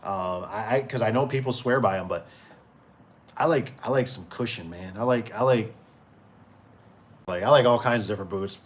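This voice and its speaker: On a casual stream promoting his door and gate business, a forties-aged man reads comments from viewers and wanders easily from topic to topic, often restarting and using fillers. He speaks on the low side at a normal speed, leaving long pauses.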